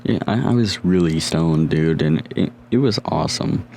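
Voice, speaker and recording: A young man with a very low, deep voice tells a casual story on his vlog. He rambles and swears freely, often restarting his sentences, over a faint background hiss. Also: normal speed, vocal fry, darkish tone. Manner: rambling, profane, with frequent restarts. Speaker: vlogger.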